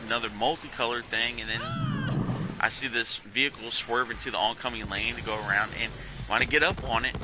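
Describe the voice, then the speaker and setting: A man from Delaware rambles through a story while gaming with friends, repeating himself and circling back. His voice sits at an ordinary pitch. Game sounds run clearly behind him. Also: fairly even intonation, brisk, heavy background noise. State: has been drinking. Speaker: gamer telling a story. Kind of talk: casual chat while gaming.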